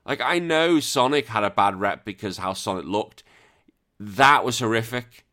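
A man's voice: fairly low pitch, expressive, normal speed, a bit bright. Exasperated sweary man ranting. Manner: exasperated, sweary, rambling with restarts. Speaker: gaming video host. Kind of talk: casual ranting commentary.

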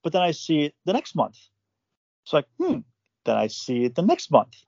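A man telling his own story in casual conversation, swearing freely, stumbling over repeated words and acting out quotes with jumps in pitch. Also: sing-song, fast, creaky, darkish tone, dry recording, muffled recording.

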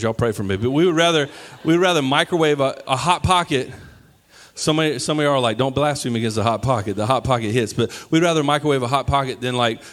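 A man preaching a lively, conversational sermon, joking with the congregation and acting out quoted voices. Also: mid-range voice. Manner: animated, acts out quoted voices, jokes with the congregation.

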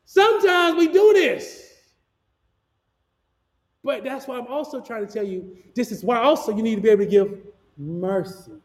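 A very high-voiced man preaches as pastor, projecting hard since there is no microphone, and keeps tossing questions for the congregation to finish. His sinuses and ears are stuffed up. The sound is an echoey church hall with a long ringing reverb. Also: fairly quick. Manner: projecting loudly without a microphone, call-and-response questions. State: clogged ears and sinus trouble. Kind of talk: sermon. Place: church sanctuary.

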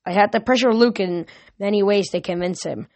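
A woman's voice: mid-range voice, a little fast, a little mellow, dry recording, highs cut off, lightly acted. A woman voicing an ancient male Titan lord, mocking and threatening, in a storybook read-aloud with a dry, close sound. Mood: menacing.

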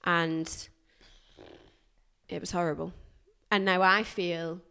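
A woman, a guest recounting a hard workplace experience in a candid, animated way. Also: on the low side, slow pace, creaky, smooth. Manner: animated, emphatic retelling with bursts of loudness. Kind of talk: candid personal storytelling.

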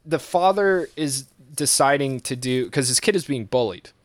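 A man's voice: moderate pace, no echo. A young man in casual chat, rambling through a story with lots of swearing and fillers. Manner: animated, acts out quotes in high voices.

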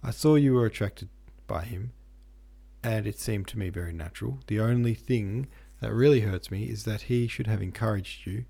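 A lovesick young man in a storybook reading, keeping his voice measured and calm while hurt underneath, as a man reads him in a low, mellow, husky voice. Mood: strained calm.

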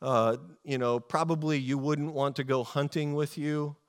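A man preaching a sermon in a casual, animated storytelling way, with many fillers and restarts. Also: on the high side, moderate pace. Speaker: pastor.

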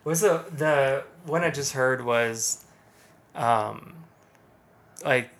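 A man's voice: medium pitch, drawn-out words, fairly bright tone. A man in his thirties chatting on a casual podcast. He tells jokes and anecdotes with a laugh, and sometimes puts on comic voices for the punchlines. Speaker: podcast co-host. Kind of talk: casual chat.

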